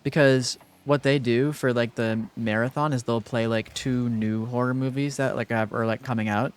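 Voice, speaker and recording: Young man, streamer, smooth clear voice, casual rambling chat, mid-pitched. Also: steady tone, moderate pace. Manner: rambling, filler-heavy, thanks viewers.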